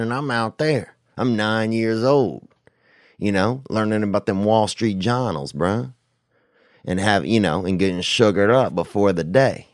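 Male podcast host, low and dry, loose profane storyteller. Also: no room sound. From United States. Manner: rambling, profane, slangy storytelling with sudden loud bursts.

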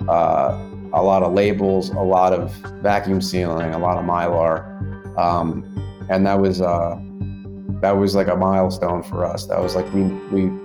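A man's voice: low voice, little pitch movement, a little slow, music in the background. A man in his twenties telling his story in a rambling, casual way, with many fillers and restarts. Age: 20s. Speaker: guest.

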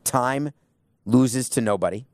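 A man's voice: medium pitch, takes it slowly, darkish tone, no room sound, clean studio sound. A man hosting a talk radio show, speaking bluntly and sarcastically in an opinionated monologue. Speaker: sports radio host.

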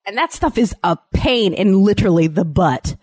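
A woman's voice: medium pitch, normal speed, no echo, studio quality. A young woman co-hosting a casual podcast chat, telling parenting stories and acting out what people said. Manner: animated, acts out quotes in character voices. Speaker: podcast co-host.

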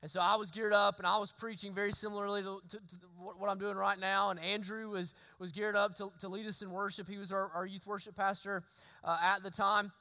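A man, preaching a sermon and telling a story with lively, sometimes shouted asides. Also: high-pitched, a little fast, dry recording, poor audio. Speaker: pastor.

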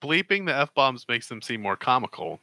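Male co-host, piercingly bright tone, short laid-back remarks. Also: mid-range voice, very animated, normal speed, no echo. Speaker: podcast co-host. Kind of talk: casual sports podcast chat.

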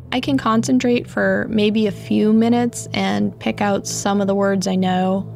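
Brief: woman narrating her story, reflective, evenly read, gravelly fry at phrase ends. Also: medium pitch. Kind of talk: scripted first-person story narration.

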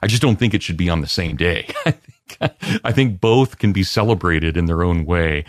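Man, deep voice, historian guest, lecturing, dry sound. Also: normal speed, no echo. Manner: expansive, lecturing, lively emphasis. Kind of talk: radio interview answers.

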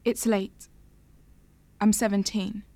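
A slow, introspective young woman. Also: medium pitch, flat delivery, no echo. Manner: slow, quiet and reflective. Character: young woman recalling her family, introspective. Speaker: lead narrator of an audio drama. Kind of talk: scripted first-person audio drama narration.

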